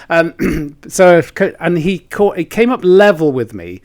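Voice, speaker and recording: A man's voice: on the high side, big pitch swings, measured pace, few pauses, darkish tone. A man, co-hosting a podcast and telling a rambling, self-deprecating story with laughs mixed in. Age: 60s. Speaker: podcast co-host. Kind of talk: casual chat.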